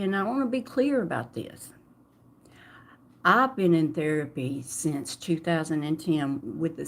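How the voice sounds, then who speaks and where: A middle-aged woman tells her story in an emotional personal vlog, halting and restarting often. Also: on the low side, darkish tone. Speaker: vlogger.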